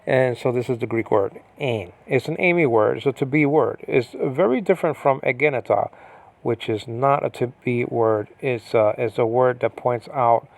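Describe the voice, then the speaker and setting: A man's voice: mid-range voice, moderate pace, vocal fry. A man teaching biblical Greek in an informal, rambling way, with many fillers and restarts, often asking if listeners follow.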